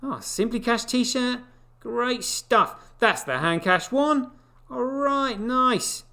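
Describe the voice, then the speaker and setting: A man's voice: very high-pitched, animated, slow pace, vocal fry, pushed and bright. A man hosting a live online show, rambling through casual news commentary with lots of fillers and wry asides. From United Kingdom.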